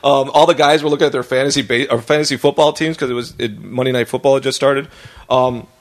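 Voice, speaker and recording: A man's voice: mid-range voice, steady tone, fast talker. An American man hosting a podcast, telling a rambling story in casual chat, laughing often and acting out quotes. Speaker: podcast host.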